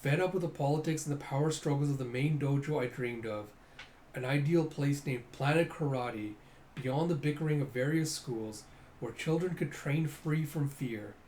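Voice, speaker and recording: A man voicing a proud karate master who now regrets his past, speaking slowly and solemnly. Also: medium pitch, a little mellow, lightly acted. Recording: roomy echo, faint noise.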